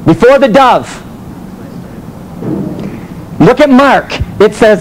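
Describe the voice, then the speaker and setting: Minister teaching a sermon, animated and questioning, higher voice with lots of swing. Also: male voice, takes it slowly, pauses often, slight background noise, low-quality recording. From United States. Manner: animated storytelling with rhetorical questions.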